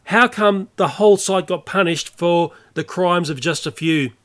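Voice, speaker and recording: An older Australian YouTuber delivering an earnest, opinionated rant to camera. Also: male voice, high voice, measured pace, fairly bright tone. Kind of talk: ranting monologue to camera.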